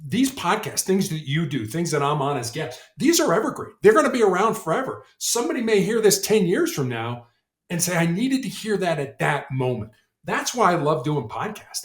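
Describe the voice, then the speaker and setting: Earnest man telling stories in a roomy space. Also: a little high. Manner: earnest, repeats words when starting sentences. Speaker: podcast guest, motivational speaker. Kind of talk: conversational storytelling interview. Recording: roomy echo.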